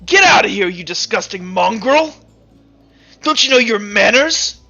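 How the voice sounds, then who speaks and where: A man's voice: very animated, slow pace, bright, forceful tone, husky, lo-fi sound, faint music behind, heavily acted. A man voicing a rude, panicky male shopkeeper who shrieks indignant insults. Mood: outraged. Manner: shrill and indignant.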